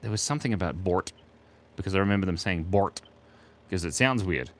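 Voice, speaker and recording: A playful Australian man with a low voice that swoops up and down as he chats. He jokes around and answers his viewers while sketching silly pictures on a live stream. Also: animated, brisk. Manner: playful, jokey, reads chat aloud and laughs often. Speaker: streamer drawing live for chat. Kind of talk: casual live drawing stream.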